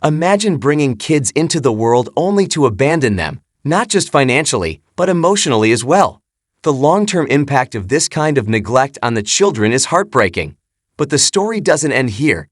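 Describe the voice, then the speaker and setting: Male narrator, dramatic moralizing voice-over, lively pitch, dry. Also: moderate pace, dry recording. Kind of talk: scripted voice-over commentary.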